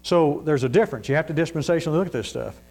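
Folksy preacher with a hum. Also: male voice, a little high, very fast, vocal fry, a little mellow, poor audio. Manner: emphatic, folksy, rising for emphasis. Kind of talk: sermon. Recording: mains hum.

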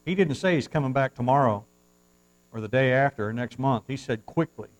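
At the pulpit of a church, a male pastor preaches, moving between hushed asides and loud, fervent surges while reading scripture in formal, old-fashioned language. His voice is mid-range and fairly quick, and the audio quality is poor.

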